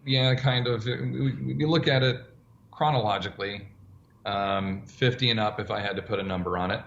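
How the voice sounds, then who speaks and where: A man's voice: lowish voice, moderate pace, reverberant, muffled recording, slight background noise. A man who coaches strength training for older adults, answering interview questions and acting out dialogue as he tells stories. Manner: animated storyteller, acts out dialogue.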